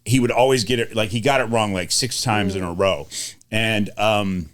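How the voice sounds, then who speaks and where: A middle-aged man hosting a casual family podcast, telling stories with repeated phrases and quick laughs. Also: on the low side, fairly even intonation, a bit bright. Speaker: podcast host, father.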